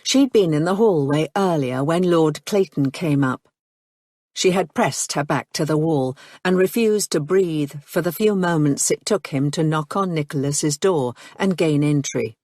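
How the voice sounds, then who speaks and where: A woman reading a novel aloud in a measured, unhurried way. Her voice sits low, and the recording is dry and close with no room sound. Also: a little mellow, no echo. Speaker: audiobook narrator. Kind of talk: scripted narration.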